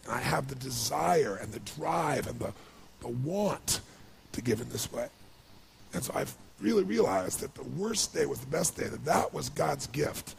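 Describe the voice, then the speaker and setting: A man tells a personal story as a motivational speaker, his voice heavily gravelly at an ordinary middle pitch. He moves from quiet emotion to bursts of excited passion, and a faint noise sits behind him. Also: unhurried.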